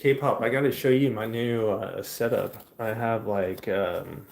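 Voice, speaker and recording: A man hosting a casual livestream, answering chat in a rambling, soft-spoken way that trails off. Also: fairly low pitch, steady tone, a little slow, creaky, roomy sound, a little hiss or hum. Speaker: livestream host. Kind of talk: casual live-stream chat, reading chat questions.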